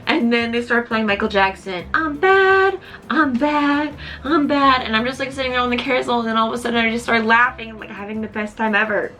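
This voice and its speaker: Bright-voiced young woman telling a story. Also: a little high, fairly even intonation, fast talker, few pauses, a little hiss or hum. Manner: chatty, heavy use of "like", emotional at times. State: tearful at moments. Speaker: vlogger. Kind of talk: casual storytelling to camera.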